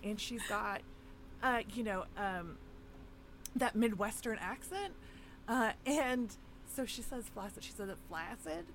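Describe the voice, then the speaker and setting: Animated chatty woman with lively pitch. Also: slow pace, pauses often, a little hiss or hum. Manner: chatty, animated retelling with frequent fillers and laughs. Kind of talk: casual chat recapping a film.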